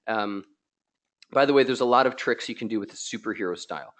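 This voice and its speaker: A man hosting a live software tutorial, excitable and chatty, joking with his viewers, a little tired from being ill. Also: fairly low pitch, quick pace. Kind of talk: live screen-share tutorial.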